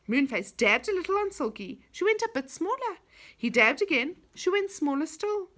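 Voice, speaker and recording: A woman storyteller reads a children's book aloud with expressive, animated delivery. Her voice is high, bright and very lively. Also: normal speed.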